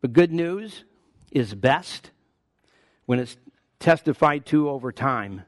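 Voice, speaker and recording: A man in his sixties preaching a sermon as a pastor, conversational with personal asides, leaping up in pitch and volume to stress key words. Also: lively intonation, takes it slowly, dry recording, studio quality.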